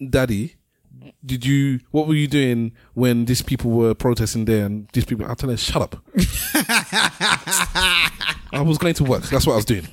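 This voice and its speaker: A middle-aged man co-hosting a casual podcast chat, talking in halting bursts and repeating words as he starts a point. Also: mid-range voice, darkish tone, no echo, clean studio sound. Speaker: podcast co-host.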